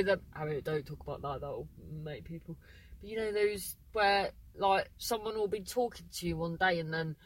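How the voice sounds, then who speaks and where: A woman's voice: on the low side, dry recording, low-quality recording. A woman, hosting a casual solo podcast, rambling and breaking off her own sentences. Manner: rambling, chatty, keeps breaking off mid-sentence; exclamatory. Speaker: podcast host.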